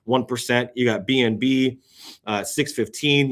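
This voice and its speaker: A man runs a laid-back crypto show, walking through market charts on screen. He's excitable, veering from quiet muttering to abrupt loud exclamations, with the odd yawn and long, drawn-out sighs.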